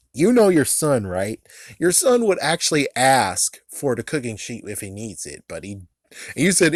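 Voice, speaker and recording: A man's voice: mid-range voice, no echo, clean studio sound. A man reviewing a cartoon in a casual, rambling way, ranting with heavy swearing and frequent chuckles.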